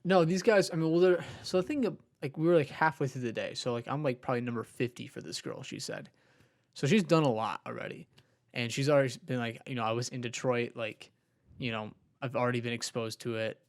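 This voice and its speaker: A man's voice: medium pitch, lively intonation, fairly quick. Chatty young man telling a story. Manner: rambling storytelling with many likes. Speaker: podcast co-host. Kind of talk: casual chat.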